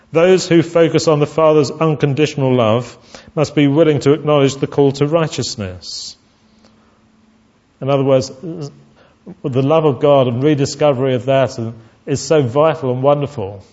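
A man's voice: medium pitch, a little mellow. Earnest male preacher, lo-fi sound. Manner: earnest, with frequent restarts and repeated words. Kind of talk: sermon.

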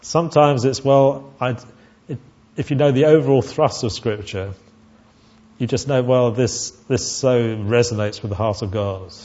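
An earnest man preaching a sermon, pitched at a middling level for a man. He falters and repeats words as he speaks. The recording sounds dull and lo-fi. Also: unhurried, mellow.

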